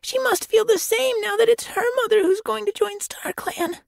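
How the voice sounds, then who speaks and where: A man's voice: very high voice, moderate pace, creaky, no room sound, clean studio sound, voice pushed up, full character voice. A man voicing a young female cat apprentice in an audiobook, pleading and emotional. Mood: distraught. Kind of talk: audiobook character voice.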